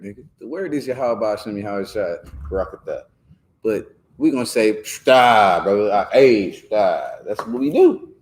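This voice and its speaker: A man's voice: on the low side, a little mellow. A man leading a scripture class, talking in a slangy, rambling way and often asking "you know what I'm saying?". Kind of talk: casual talk in a religious class.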